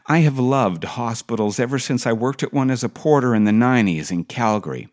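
A man's voice: medium pitch, expressive, brisk, a little mellow. A middle-aged man reading his own personal essay for a podcast in a dry, wry storytelling manner.

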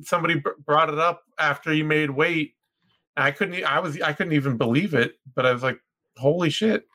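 A young man co-hosting a podcast, talking in quick, excited, rambling bursts. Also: a little high. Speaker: podcast co-host. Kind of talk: casual podcast chat.

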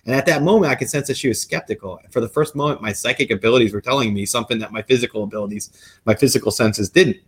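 A man, guest on a podcast, talking as a psychic medium and lawyer, telling stories in an animated, lively way. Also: mid-range voice, breathy edge. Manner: animated, quick storyteller. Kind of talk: storytelling in a podcast interview.

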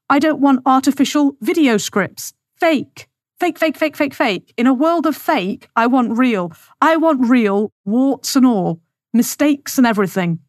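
A woman's voice: a little high, no echo, clean studio sound. A woman hosting her own podcast, delivering a scornful, sarcastic monologue with emphatic repetition. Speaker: podcast host. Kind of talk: opinionated monologue.

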